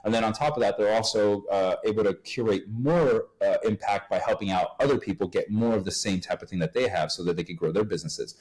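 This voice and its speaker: A man from Uruguay, a podcast guest, talking with a fairly low voice. He tells his story in a casual, animated way and acts out other people's lines as he goes. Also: fairly quick, hardly any pauses, rough recording.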